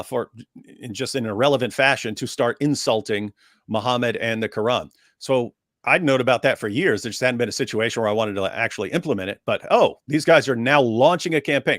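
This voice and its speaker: A man in a call-in livestream discussion, arguing emphatically at a middle pitch. He circles back and repeats his phrases to drive each point home, and his voice sounds dry and close, with no room echo. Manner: emphatic, repeats phrases while building an argument.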